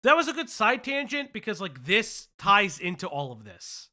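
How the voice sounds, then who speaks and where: A woman's voice: mid-range voice, very animated, normal speed, pushed and bright. A woman hosting a commentary stream, talking bluntly and swearing often. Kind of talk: casual commentary.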